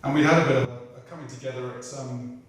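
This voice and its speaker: A British racing driver in middle age, guesting at a live talk event, reels off irreverent comic stories fast and with fairly even intonation, swearing freely as he chats. Heard from a distance at mid pitch, his voice is wrapped in strong echo from the large room.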